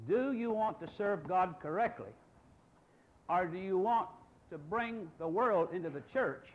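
A man's voice: sits high, dull audio. A man in his sixties, a pastor preaching a sermon, emphatic and full of rhetorical questions. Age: 60s.

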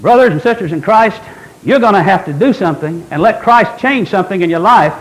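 A man's voice: high voice, animated, fairly quick, rough recording. A man preaching a fervent, emphatic Baptist sermon, now and then mimicking imagined objectors. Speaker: Baptist pastor.

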